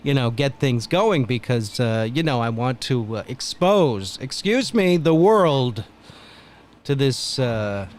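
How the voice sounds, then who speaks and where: A man's voice: mid-range voice, animated, takes it slowly. A man hosting a casual livestream as a broadcaster, rambling with frequent laughter and trailing restarts. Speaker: host, broadcaster. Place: home studio.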